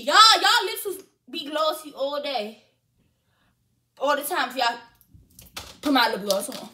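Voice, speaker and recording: A woman's voice: high-pitched, sharp tone, a little hiss or hum. A young woman hosting a reaction vlog, chatty and playful and laughing easily. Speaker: YouTuber.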